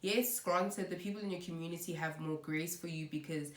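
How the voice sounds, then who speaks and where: A woman's voice: on the low side, steady tone, brisk. A woman giving an earnest, conversational faith talk to camera as a Christian vlogger, with many "you know"s. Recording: echoey room.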